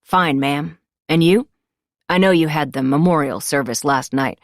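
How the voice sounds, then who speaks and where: A woman's voice: deep voice, measured pace, dry recording, clean studio sound. A woman narrator voicing a weary male police detective who speaks formally and deferentially. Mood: dutiful. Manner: formal, deferential, says ma'am.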